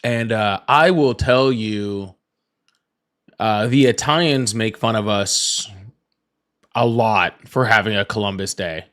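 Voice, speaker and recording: A man's voice: fairly low pitch, takes it slowly, a bit bright. A man hosting a casual livestream, rambling with many fillers and restarts, greeting chat viewers by name and swearing offhand. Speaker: livestream host.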